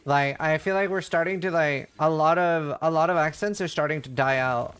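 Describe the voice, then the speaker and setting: Male streamer, fairly high voice, loose rambling chat, laughs easily. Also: moderate pace, fairly bright tone, clean tone. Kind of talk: casual livestream chat.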